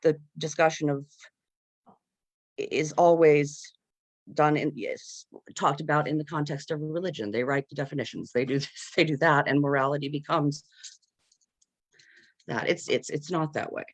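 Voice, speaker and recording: An earnest panel speaker talks in halting bursts, stopping to search for words and filling gaps with lots of fillers. The voice has a gravelly, creaky edge and sits in a middle pitch. It comes over a video call with a dry, close sound and no room echo. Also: steady tone. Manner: earnest, with nervous laughs. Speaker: panel speaker at a campaign discussion. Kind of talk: unscripted discussion.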